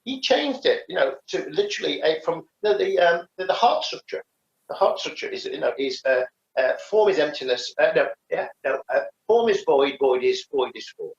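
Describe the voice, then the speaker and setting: A man's voice: fairly high pitch, expressive, moderate pace, gravelly. A man co-hosting a casual podcast chat, rambling with many restarts and fillers. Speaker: podcast co-host, karate teacher. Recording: echoey, dull lo-fi sound.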